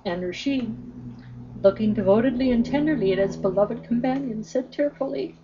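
Gentle woman telling a spiritual story. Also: fairly high pitch, normal speed, muffled recording, noisy background.

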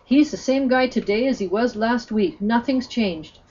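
A woman's voice: a little high, normal speed, mellow, breathy edge. A woman reading the part of a defiant, frustrated man who speaks insistently, on a slightly muffled recording.

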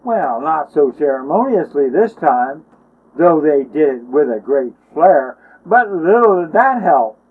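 A man's voice: fairly high pitch, slightly rough. A man telling a story aloud, dramatic and emotive, often starting lines with oh or well. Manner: emotive, with many ohs and wells. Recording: tinny phone-line sound.

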